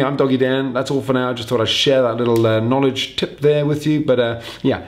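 Gravelly-voiced, upbeat male dog trainer. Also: medium pitch, brisk, few pauses. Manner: chatty, upbeat, repeats key phrases. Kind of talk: direct-to-camera advice video.

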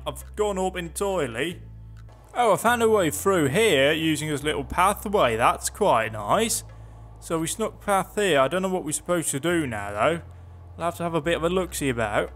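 Playing a video game, a man with a slightly high, somewhat bright voice keeps up casual let's play commentary. He chats sarcastically, largely talking to himself.

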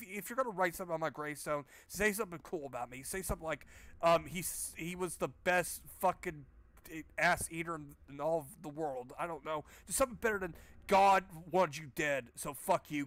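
Casual: snarky guy cursing through a horror game playthrough, voice a bit high. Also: fairly bright tone, no room sound. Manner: sarcastic, profane. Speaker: game streamer. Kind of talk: let's play commentary.

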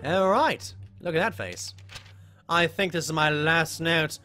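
A woman streaming a horror game live, chatting with viewers between playful in-character asides and breaking into excited yelps during chases. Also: low-pitched, unhurried. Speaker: gaming streamer. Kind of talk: live game commentary with chat.

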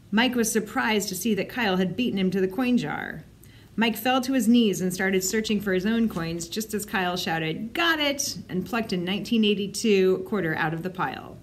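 A woman librarian reading a children's chapter book aloud. Her storytelling is expressive, with a mid-range voice that rises and falls with the action. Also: mid-range voice.

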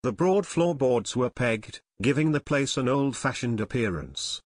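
A man narrating an audiobook in a steady, even storytelling manner. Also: mid-range voice, unhurried, no room sound. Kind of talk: scripted narration.

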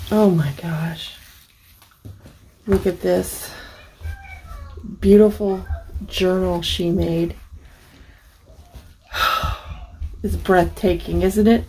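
A woman's voice: mid-range voice, steady tone, takes it slowly, vocal fry, pauses often, mellow, a little hiss or hum, low-quality recording. A woman hosting a crafting channel, casually showing a handmade journal and gushing over it with many fillers. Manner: gushing, admiring, full of fillers. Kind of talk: casual unboxing look-through.

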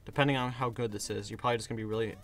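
A hoarse young man giving casual commentary while playing a game, getting frustrated and yelling at it. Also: mid-range voice, fairly even intonation, racing, faint music behind. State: hoarse, voice worn out. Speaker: gaming video creator.

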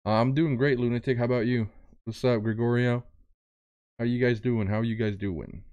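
A man's voice: mid-range voice, steady tone, moderate pace, darkish tone, clean tone, highs cut off. A young man chatting casually with his live-stream audience, greeting viewers and rambling about his day. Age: young adult. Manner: laid-back, rambling, greets chat by name. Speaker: streamer reacting to videos.

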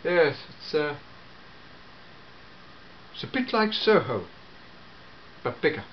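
A man voicing an elderly, fussy, grandfatherly time-travelling gentleman in a fan audio drama, full of hmms and eh?s. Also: fairly high pitch, very animated, takes it slowly, dull audio, slight background noise. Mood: fussy, chatty. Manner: fussy, hesitant, peppered with hmms and eh?s.

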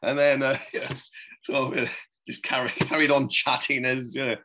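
A man's voice: medium pitch, level tone, brisk, background noise. A middle-aged man, a journalist, telling anecdotes in an interview in a rambling, chuckling way. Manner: rambling, many restarts and "you know"s, chuckles. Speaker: political journalist, podcast guest.

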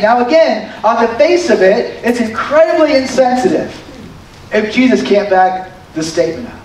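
A male pastor preaching a sermon in an animated, conversational storytelling manner, with added emphasis on key points. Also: very high-pitched, normal speed, a little hiss or hum. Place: church sanctuary. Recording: very echoey hall, distant mic.

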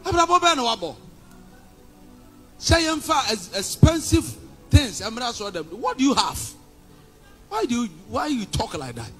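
A Ghanaian man preaching with fiery defiance, his voice unusually high and swinging widely in pitch. He shouts and switches between Twi and English. Faint music plays under the sermon. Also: huge pitch swings, measured pace, pauses often, breathy edge. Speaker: pastor.

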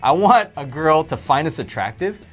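A man co-hosting a casual chat show, animated and joking, his voice jumping up when excited. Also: a little high, moderate pace, faint music behind. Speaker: co-host.

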